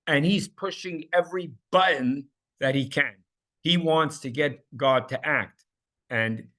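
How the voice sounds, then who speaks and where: A man leads a Bible class in a somewhat high voice. He talks with passion, repeating words and restarting sentences as he builds a point. His voice leaps up sharply whenever he quotes a plea. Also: a bit bright. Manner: passionate, voice leaps high when quoting pleas. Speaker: Torah teacher.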